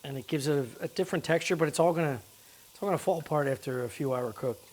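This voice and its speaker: A man's voice: a little high, fast talker, a little mellow. A man hosting a cooking show, explaining each step in a casual, crude, joking way from a kitchen.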